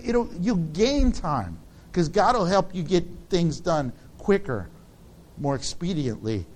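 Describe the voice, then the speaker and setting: Casting note: male pastor, high-pitched voice, earnest and animated sermon delivery. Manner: earnest, animated, laughs between points.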